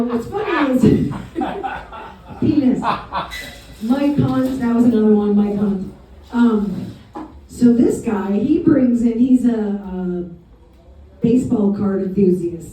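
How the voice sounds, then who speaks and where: A woman's voice: fairly high pitch, warm tone, heavy reverb, distant mic, low-quality recording. A woman doing a bawdy, confessional stand-up set in a pizza restaurant, laughing at her own jokes. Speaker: stand-up comedian. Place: pizza restaurant comedy night.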